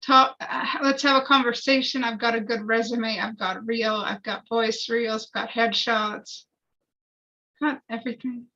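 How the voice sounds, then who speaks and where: A woman's voice: on the high side, steady tone, a little slow, pushed and bright, dull audio. A woman from Canada, an actor, eagerly introducing herself and promoting her work on a video call. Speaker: actor and freelancer. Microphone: desk USB mic.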